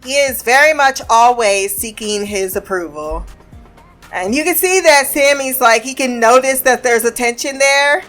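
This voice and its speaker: Woman recapping a tv episode, kinda high voice, swears a lot, does the characters' lines, laughs a bunch, faint music behind. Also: lively intonation, unhurried, a bit bright. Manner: chatty, swears freely, acts out characters' lines; laughs often while retelling.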